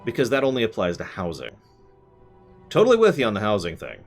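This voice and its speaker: A man's voice: lowish voice, huge pitch swings, fast talker, soft background music. A man streaming live, answering chat with rambling, self-correcting opinions.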